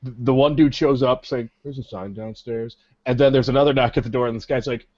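A man's voice: medium pitch, steady tone, a little fast, darkish tone, no echo. Chuckling man recounting a party story. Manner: chuckling, keeps quoting others. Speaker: podcast co-host. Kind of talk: casual storytelling chat. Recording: dull lo-fi sound, dry.

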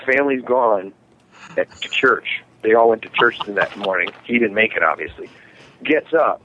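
A man with a fairly low-pitched voice talks at a moderate pace, telling long, foul-mouthed party stories to friends and animatedly performing the other people's quotes. The recording is lo-fi and muffled, with a faint hiss.

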